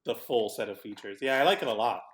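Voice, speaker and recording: A man's voice: medium pitch, fast. Rambling, enthusiastic young man. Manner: enthusiastic, rambling, loses his train of thought. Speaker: podcast co-host. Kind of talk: casual chat.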